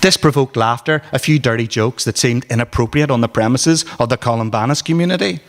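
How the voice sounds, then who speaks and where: A man's voice: mid-range voice, a little fast, slight background noise. A man with a Northern Irish accent reading aloud from his memoir at a book launch, in a dry, wry storytelling manner. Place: arts centre hall at a book launch. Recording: reverberant hall.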